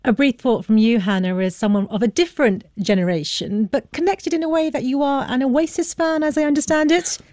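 Calm woman radio host. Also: sits high, a little fast, few pauses, no echo. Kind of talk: radio presenting. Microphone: studio mic.

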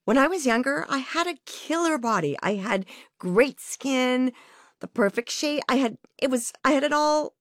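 A woman guest in a candid sit-down conversation, talking frankly and reflectively about herself. Her pitch moves a lot as she speaks, rising and dipping with feeling, and the recording is close and dry with no room sound. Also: lively intonation, normal speed, dry recording. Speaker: interview guest.

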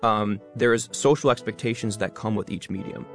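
A young man in his twenties or thirties, a content creator talking fast as an interview guest and stressing many words. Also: fairly low pitch, creaky, soft background music. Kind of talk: interview conversation.

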